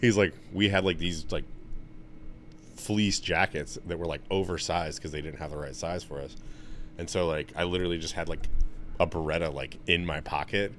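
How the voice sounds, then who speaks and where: A young man in casual podcast chat, telling stories with lots of swearing and getting loud when he's excited. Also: normal speed, a little hiss or hum. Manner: animated, swears a lot, gets loud and high when excited. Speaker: podcast co-host.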